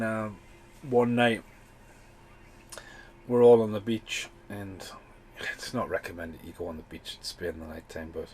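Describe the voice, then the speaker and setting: A man's voice: fairly low pitch, a little mellow, poor audio. Rambling, sweary man. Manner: rambling, sweary, loose chatty delivery. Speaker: podcast host. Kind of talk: casual film commentary.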